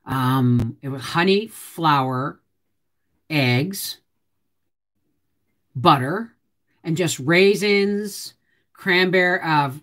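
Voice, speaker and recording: A woman's voice: sits low, fairly bright tone. A woman hosting a live stream from home, chatting with viewers in a chatty, teasing way and answering their comments. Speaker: homestead channel host.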